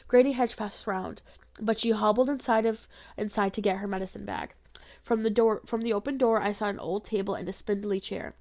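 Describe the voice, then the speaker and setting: A woman reading a first-person folk tale aloud, expressive, with small slips and restarts. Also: medium pitch, fairly quick.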